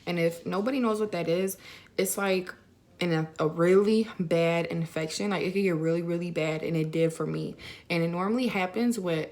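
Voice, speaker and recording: Chatty young woman with a lowish voice. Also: normal speed, a little mellow. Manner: chatty, many fillers like "like" and "you know". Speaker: vlogger. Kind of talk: casual storytelling to camera.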